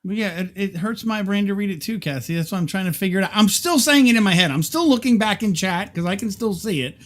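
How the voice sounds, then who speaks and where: A man's voice: high voice, animated, fast, fairly bright tone. A man co-hosting a casual livestream chat, reading viewer comments aloud and laughing often. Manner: laughs often, self-deprecating. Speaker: livestream co-host.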